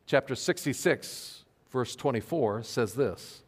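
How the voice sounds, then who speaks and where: A male pastor giving an earnest sermon to his congregation, stressing key phrases slowly. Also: medium pitch, animated, husky. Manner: earnest, emphatic preaching with slow stressed phrases. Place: church sanctuary. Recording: long hall reverb.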